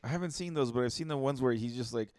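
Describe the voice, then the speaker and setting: A man's voice: medium pitch, quick pace, a little mellow, no room sound, studio quality. A man co-hosting a podcast in loose casual chat, rambling with many restarts and swearing freely. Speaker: podcast co-host.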